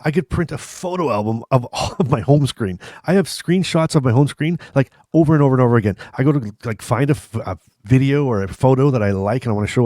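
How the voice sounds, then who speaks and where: A man's voice: mid-range voice, warm tone, dry recording, clean studio sound. A man in his fifties telling funny stories to camera in a rambling, self-mocking way, often chuckling between restarts. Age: 50s. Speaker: vlog host. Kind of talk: casual humorous storytelling to camera.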